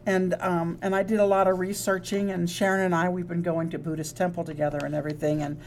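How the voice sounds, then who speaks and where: A woman's voice: lowish voice, little pitch movement, fast, darkish tone, a little hiss or hum. A woman co-hosting a wellness talk show as a psychologist. She speaks earnestly in casual chat, often restarting with fillers. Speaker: co-host, psychologist.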